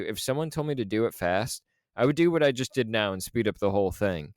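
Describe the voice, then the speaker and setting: A man's voice: on the low side, animated, fast, no room sound, studio quality. Rambling male podcast co-host. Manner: rambling, filler-heavy storytelling. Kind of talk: casual chat.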